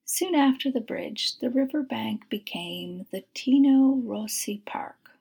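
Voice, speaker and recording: A woman narrating a story in a soft, breathy, half-whispered voice. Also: on the high side, expressive, takes it slowly.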